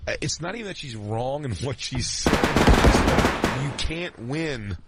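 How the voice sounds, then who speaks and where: A man's voice: mid-range voice, expressive, a little slow, very noisy. A man hosting a podcast in casual comedic chat, crude and rambling, laughing often. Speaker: podcast host.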